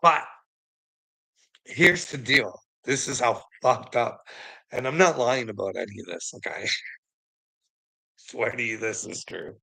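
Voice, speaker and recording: A man tells a long, rambling personal story, laughing as he goes and swearing constantly. His voice is gravelly with plenty of fry. It also has a bright, forward edge to it. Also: mid-range voice, takes it slowly, pauses often, rough recording. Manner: profane, rambling, laughs often. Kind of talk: casual storytelling monologue.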